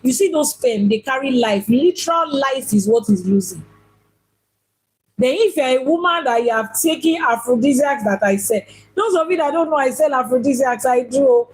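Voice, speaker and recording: A woman with a husky, fairly high voice teaches on spiritual matters as an Ifá priestess. She talks emphatically and often repeats a phrase to drive the point home. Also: lively intonation, normal speed, rough recording.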